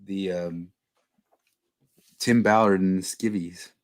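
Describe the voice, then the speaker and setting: Male podcast host, low voice, dry close sound, blunt and opinionated. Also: fairly even intonation, slow pace, dry recording. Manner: blunt, opinionated, swears freely. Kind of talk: casual podcast chat.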